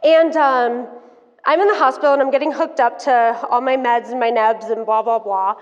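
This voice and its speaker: A woman in her thirties giving a motivational keynote talk, telling her story in an animated, frank and playful way to the audience. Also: fairly high pitch, normal speed. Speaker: keynote speaker. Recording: dull sound, long hall reverb.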